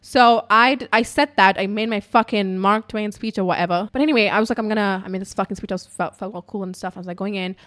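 Talking quickly with hardly any pauses, a young adult podcast host tells a story in a loose monologue. Her mid-range, fairly bright voice keeps a steady tone, and she swears frequently and fills gaps with "like."

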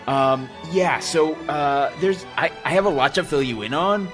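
A man playing a character in a tabletop game, talking in a halting, hesitant way. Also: on the high side, music in the background. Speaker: player.

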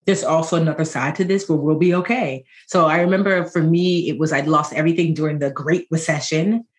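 A woman in her forties, a financial educator and podcast guest, telling stories in a lively, joking way. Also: low voice, fairly quick. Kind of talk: conversational podcast interview.

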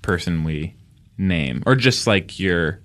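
A man's voice: deep voice, expressive, slow, a bit bright. A man co-hosting a comedy podcast, playfully steering the casual chat. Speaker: podcast co-host.

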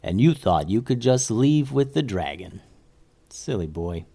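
A condescending wizard villain from a children's story, as a man puts him on. He speaks low and soft, drawing his words out with quiet scorn. The voice sits calm and dry, never raised. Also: unhurried, gravelly, slightly rough, heavily acted. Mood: smug. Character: smug sneering male wizard villain.

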